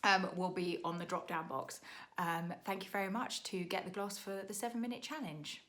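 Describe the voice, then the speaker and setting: A young British woman, a makeup artist, chatting to camera in a rushed, laughing tutorial while doing her makeup. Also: on the low side, fairly bright tone. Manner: chatty, rushed, laughing under time pressure.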